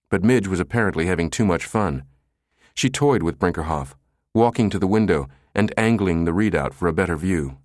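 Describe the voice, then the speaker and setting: In a dry, clean studio recording, a man with a deep voice narrates an audiobook at a steady, measured pace.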